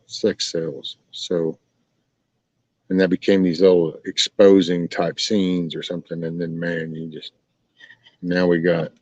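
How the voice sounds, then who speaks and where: Answering his chat in a relaxed, meandering, folksy manner, a man from Texas hosts a live stream with a deep, dark voice. There's no echo, though the stream audio is dull and lo-fi.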